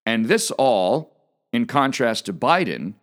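A man's voice: mid-range voice, sing-song, takes it slowly. A man hosting a political commentary monologue, emphatic and repetitive, speaking straight to his audience.

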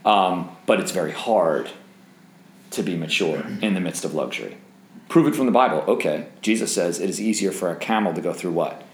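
A man's voice: low voice, expressive, brisk. A man leading a Bible study for young singles, talking conversationally, quizzing the group and joking. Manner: conversational, asks the group questions and jokes. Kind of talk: interactive Bible teaching. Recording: roomy echo.

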